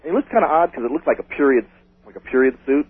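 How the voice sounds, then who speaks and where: A man calling in to a radio show, telling a ghost story in an excitable, rambling way. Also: medium pitch, racing. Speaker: caller. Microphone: telephone. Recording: tinny phone line.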